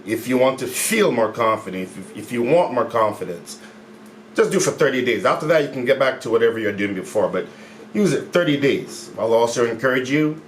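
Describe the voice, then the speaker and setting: A man talking to camera as a mindset coach in a casual, upbeat way, repeating his phrases and stretching key words slowly. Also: mid-range voice. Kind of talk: casual motivational talk to camera. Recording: echoey room with faint background noise.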